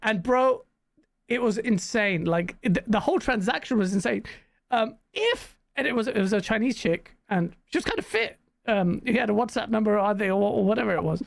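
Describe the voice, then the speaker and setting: A woman hosting a gaming news stream in casual chat, rambling and animated and laughing often. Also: mid-range voice, fairly quick, gravelly, dry recording.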